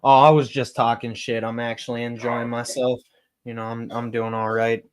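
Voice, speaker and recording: A man's voice: mid-range voice, little pitch movement, moderate pace, smooth. A man co-hosting a casual podcast chat, cursing a lot, joking around and admitting he is forgetful. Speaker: podcast co-host.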